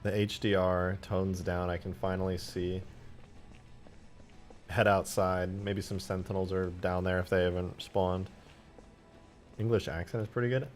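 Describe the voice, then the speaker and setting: Low-voiced man streaming game modding. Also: fairly even intonation, normal speed, soft background music. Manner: loose and profane, answering chat questions. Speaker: game modder streaming live. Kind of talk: casual livestream chat while modding.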